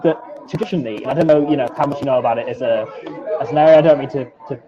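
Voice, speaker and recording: A man's voice: mid-range voice, rapid-fire, dull audio, a crowd in the background. A Welsh man talking as an interview guest, self-deprecating and chuckling, with many hesitant fillers. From Wales. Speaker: guest, YouTube rugby analyst. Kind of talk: casual interview chat.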